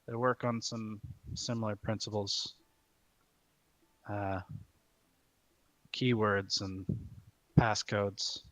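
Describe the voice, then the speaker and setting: A man's voice: fairly low pitch, a bit bright, no echo, poor audio. A man voicing a polite, curious adventurer who asks his questions hesitantly.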